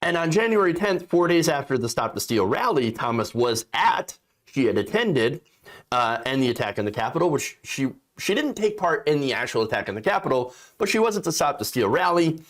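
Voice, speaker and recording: Male political commentator, sarcastic and indignant, pitch jumps a lot, fairly high voice. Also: sing-song, a little fast. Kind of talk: opinion commentary reading news.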